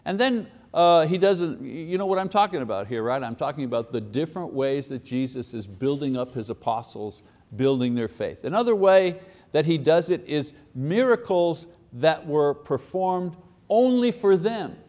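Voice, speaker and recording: A man teaching a Bible lesson in a casual, conversational way, slipping into quick voices for people in the story. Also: a little high, animated, a little mellow.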